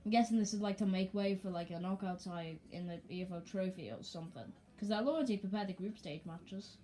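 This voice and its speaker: A woman commentating casually and excitably on her own football video game as she plays. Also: mid-range voice, fairly quick, soft background music. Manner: chatty and excitable, talking to herself over gameplay. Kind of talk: let's play commentary.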